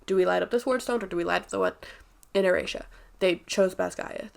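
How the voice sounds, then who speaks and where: A woman's voice: lowish voice, fairly quick, gravelly. A congested, sniffly woman giving a chatty, rambling and candid casual book review.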